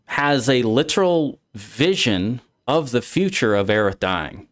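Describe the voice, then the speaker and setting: A man's voice: mid-range voice, animated, unhurried, fairly bright tone. A man streaming a casual discussion, rambling through his explanation with many restarts. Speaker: streamer, host.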